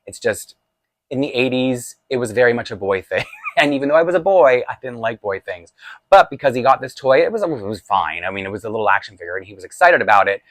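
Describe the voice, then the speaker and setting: A man's voice: mid-range voice, fast talker, a bit bright, no echo. A man in his forties telling a personal childhood story in a chatty, confessional way, laughing often. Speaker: vlogger. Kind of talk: storytime vlog.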